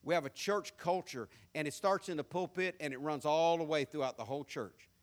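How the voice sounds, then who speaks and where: A man with a high, light voice and a Southern country accent preaches a folksy sermon. He mocks pretension and swings from hushed asides to loud, hooping emphasis. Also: brisk. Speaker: pastor.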